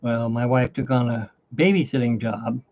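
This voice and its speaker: Gravelly guy with hiccups, rambly and animated, chatting at home, dull lo-fi sound. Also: moderate pace. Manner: rambling and animated, pitch jumping up when excited. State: has hiccups. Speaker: artist and channel host. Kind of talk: casual chat while drawing.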